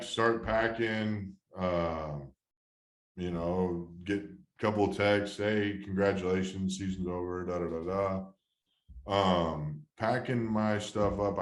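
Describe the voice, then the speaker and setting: A low-voiced man in his thirties tells a story in a relaxed, rambling way, full of fillers and restarts. His voice carries a clear echo from the room. He talks like a former ballplayer remembering his career. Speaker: guest, former baseball catcher. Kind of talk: casual storytelling interview.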